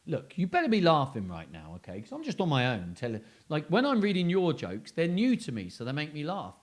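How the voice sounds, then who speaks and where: A man's voice: fairly high pitch, wildly swooping pitch, brisk. A man hosting a children's story and joke show, talking in a playful, self-mocking way. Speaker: host.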